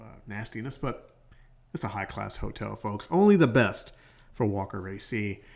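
A man hosting his own podcast, telling a rambling story in a casual late-night monologue from a hotel room, stopping often to correct himself. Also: on the low side. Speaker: podcast host. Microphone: home podcast microphone.

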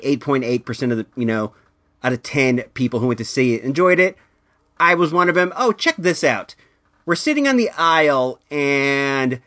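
A man hosting a casual podcast, reviewing a movie and telling stories in a rambling, filler-heavy way that turns animated in anecdotes. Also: mid-range voice. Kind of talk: casual comedic storytelling and review.

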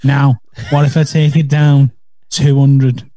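A man doing an impression of a smooth-talking TV antiques dealer, haggling over a deal. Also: mid-range voice, level tone, takes it slowly, mellow, no room sound, voice pushed down, lightly acted. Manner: wheeling and dealing, haggling.

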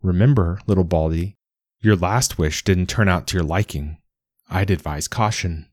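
Storybook figure: a calm, wise rose giving a gentle warning, as a male narrator puts her on. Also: low voice, normal speed, no echo, clean studio sound. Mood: cautioning.

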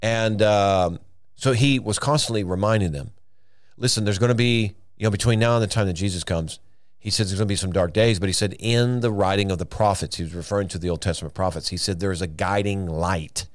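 A man with a somewhat low voice leads a Bible teaching on his podcast. He sounds earnest and emphatic, with plenty of fillers and self-corrections as he thinks aloud. The sound is dry and close, with no echo around him. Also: brisk.

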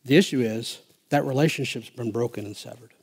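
A male pastor preaching a sermon, emphatic and swinging from quiet asides to loud, driving lines. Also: medium pitch, brisk, husky.

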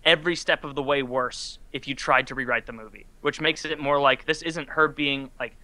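Brief: outspoken man, bright ringing voice, dry close sound, swears casually on a video call. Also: mid-range voice, smooth, dry recording. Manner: blunt, opinionated, swears freely. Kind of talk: casual chat.

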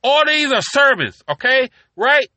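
A man's voice: very high voice, very animated, unhurried, pushed and bright, no room sound. A man hosting a podcast from his car, rambling casually and profanely, constantly asking "you know what I'm saying". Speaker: podcast host.

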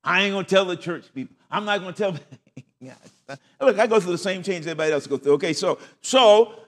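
A man's voice: high-pitched, fast, long reverb tail. An older man preaching a sermon as pastor, telling stories. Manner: folksy storytelling with laughs.

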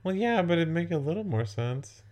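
A man's voice: on the high side, lively intonation, normal speed, darkish tone, muffled recording. A man casually chatting with a co-host about a TV episode, wry and offhand, swearing at times. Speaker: podcast co-host. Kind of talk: casual chat recapping a TV episode.

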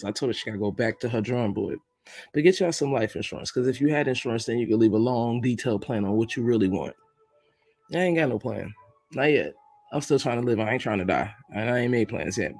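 This Brooklyn-born podcast host delivers a casual, joking monologue, laughing his way through chatty stories. His voice is mid-range with a darkish tone.

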